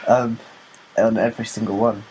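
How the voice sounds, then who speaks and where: A man's voice: on the low side, little pitch movement, moderate pace, darkish tone, slight background noise, poor audio. A young man co-hosting a casual podcast, chatty and giggly, swearing now and then and acting out quoted lines. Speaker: podcast co-host. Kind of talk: casual chat.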